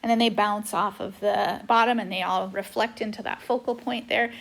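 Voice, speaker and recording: A woman's voice: medium pitch, steady tone, normal speed, vocal fry. A woman teaching a math lesson in a chatty style, filling her talk with frequent "okay"s while she works through a whiteboard recording. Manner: chatty, says "okay" often. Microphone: tablet microphone.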